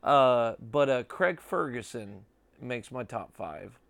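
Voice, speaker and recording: A man's voice: mid-range voice, lively intonation, takes it slowly, creaky, fairly bright tone, no echo. A man in his thirties hosting a podcast, rambling casually with lots of filler and swearing. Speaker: podcast host. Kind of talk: casual chat.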